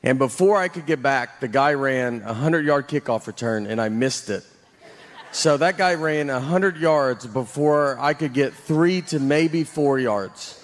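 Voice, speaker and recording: A man from Nashville doing a stand-up set, deadpan and rambling, with many fillers and restarts. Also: medium pitch, measured pace. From Nashville, Tennessee. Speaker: stand-up comedian.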